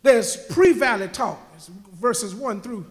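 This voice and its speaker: High-voiced preacher shouting in a hall. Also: male voice, slow. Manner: fervent preaching, rising to shouts, repeats phrases. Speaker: pastor. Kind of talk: sermon. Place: church sanctuary. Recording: long church-hall reverb.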